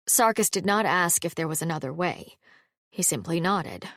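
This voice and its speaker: Measured woman narrating an audiobook. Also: fairly low pitch, animated, fairly bright tone, no echo, clean studio sound. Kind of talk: scripted narration.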